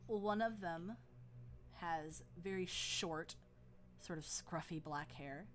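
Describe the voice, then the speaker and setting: A woman narrating a tabletop game as game master, unhurried, with frequent ums. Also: on the low side.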